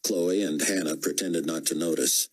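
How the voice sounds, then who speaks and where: A man narrating a novel as an audiobook, with measured storytelling. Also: a bass voice, poor audio. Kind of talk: scripted narration.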